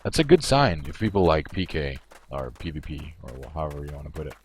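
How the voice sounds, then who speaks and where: Very deep-voiced man streaming a game. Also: big pitch swings, fast, a little mellow, a little hiss or hum. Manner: rambling, self-amused, thinks aloud. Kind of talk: casual gameplay commentary.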